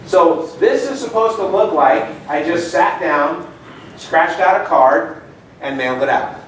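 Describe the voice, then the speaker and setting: A man's voice: fairly high pitch, unhurried, a bit bright. A man giving a casual seminar talk, telling anecdotes and asking his audience questions. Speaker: seminar speaker. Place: meeting room. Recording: echoey room, distant mic, faint noise.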